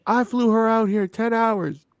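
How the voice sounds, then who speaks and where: A man's voice: extremely high pitch, steady tone, unhurried, smooth, dry recording, pitched above the performer's own voice. A man voicing a grown son who pleads plaintively for his mother's hug. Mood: pleading.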